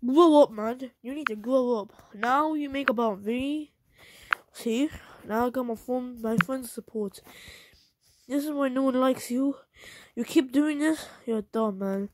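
A woman's voice: fairly high pitch, a little slow. A young woman ranting angrily at another video maker, scolding and repeating herself. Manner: angry, repetitive, scolding. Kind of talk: angry rant at the camera.

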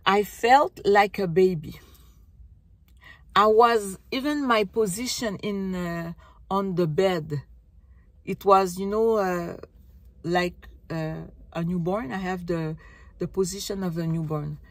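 Slow, halting woman telling her story. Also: mid-range voice, no echo. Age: middle-aged. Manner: halting, searching for words, many restarts. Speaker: vlogger. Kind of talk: personal recovery vlog.

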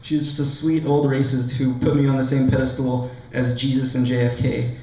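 A man's voice: medium pitch, little pitch movement, normal speed, a little mellow, a little hiss or hum. Rambling young man doing stand-up. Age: young adult. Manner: rambling, full of likes and ums, self-mocking. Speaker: stand-up comedian. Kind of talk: stand-up set. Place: college lounge with a laughing audience. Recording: echoey lounge, distant, dull lo-fi sound.

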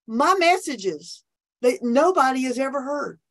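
Her voice sits high with big pitch swings and a measured pace. She's a minister on a podcast, joining remotely from her office for an animated, preachy, enthusiastic conversation about faith, frequently starting sentences over.

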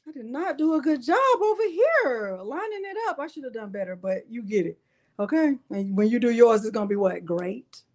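A woman's voice: a little high, sing-song, brisk, darkish tone. A woman hosting a live crafting tutorial, chatty and playful as she jokes with her viewers. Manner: chatty and playful, joking with chat. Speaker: crafting channel host.

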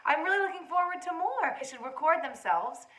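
A woman's voice: high voice, expressive, a little fast, fairly bright tone. A woman puppeteer hosting a children's puppet show, patiently coaxing her puppet along.

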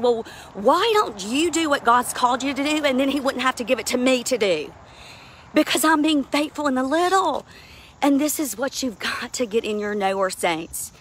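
A woman's voice: high voice, fairly bright tone, a little hiss or hum. A middle-aged woman minister, preaching a sermon emphatically and laughing between points.

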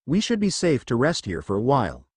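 Calm composed tracker, read by a man. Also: mid-range voice, a little fast, breathy edge, dry recording, studio quality.

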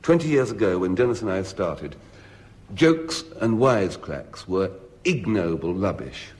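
Lively joke-telling man, animated delivery. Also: low-pitched, unhurried. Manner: lively anecdotal storytelling, chuckling at own jokes. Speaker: comedy panelist. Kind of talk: humorous lecture with told jokes. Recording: archival broadcast recording.

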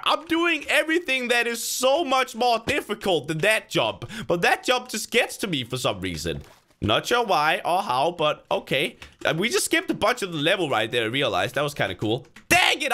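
Excitable and high-voiced, this gaming creator gives casual let's-play commentary, muttering to himself and egging himself on as he plays. The bright, forward voice ranges widely up and down, breaking into sudden loud outbursts of joy or frustration.

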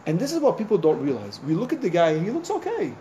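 Animated rabbi, man with a mellow voice. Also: sits high, fast talker, a little hiss or hum. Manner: animated storyteller, acting out conversations; conversational, frequent "you know" asides. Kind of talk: informal sermon with storytelling.

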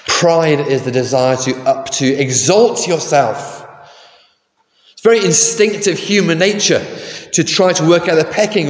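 A man preaching a sermon in a conversational way, asking the congregation questions. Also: on the high side. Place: large church. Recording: echoey church with long reverb.

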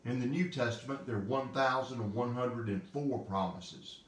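A male pastor giving an emphatic devotional sermon, stressing repeated phrases and slowing on key words. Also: medium pitch, far from the mic. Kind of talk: devotional sermon teaching from scripture. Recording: roomy sound, speaker away from the mic.

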